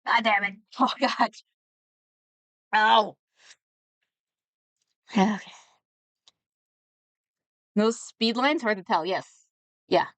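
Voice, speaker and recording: A woman's voice: medium pitch, drawn-out words, long pauses, a bit bright, no room sound. A young woman reviewing a webcomic in casual, sarcastic commentary, a little tipsy from drinking. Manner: chatty and sarcastic, riffing on the comic.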